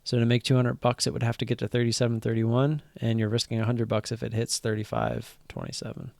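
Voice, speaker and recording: A man hosting a laid-back live stream, wandering from point to point with plenty of fillers. His mid-range voice has a gravelly fry, and the sound is close and dry. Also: mid-range voice, flat delivery, fast talker, darkish tone, no echo. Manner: rambling, with many fillers and restarts. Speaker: stock trading live stream host. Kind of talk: casual live-stream chat.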